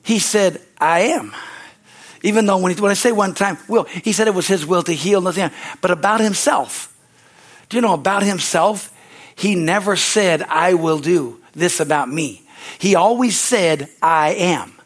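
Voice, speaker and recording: High-voiced preaching pastor. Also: male voice, moderate pace. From United States. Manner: excitable preaching, rising to loud exclamations; repeats phrases for emphasis, calls for amens. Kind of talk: sermon.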